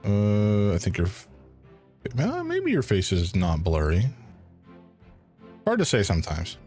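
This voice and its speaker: A man's voice: fairly low pitch, huge pitch swings, a little slow, darkish tone, faint music behind. A man streaming a first playthrough of a detective game, thinking aloud in a hesitant way with frequent restarts. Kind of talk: casual live game commentary.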